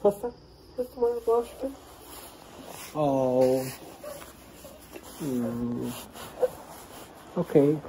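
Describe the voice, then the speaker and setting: A man talking to his small daughter at home in a home vlog, patient and gently coaxing, in simple broken English. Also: mid-range voice, sing-song, very slow, long pauses, a little hiss or hum. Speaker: father filming his young daughter. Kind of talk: casual home vlog talk to a child.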